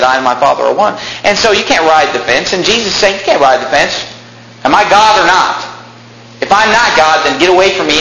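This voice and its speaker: Animated male preacher in an echoey hall. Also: a little high. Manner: animated, storytelling, rising to emphatic peaks. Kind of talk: sermon. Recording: echoey room with faint noise.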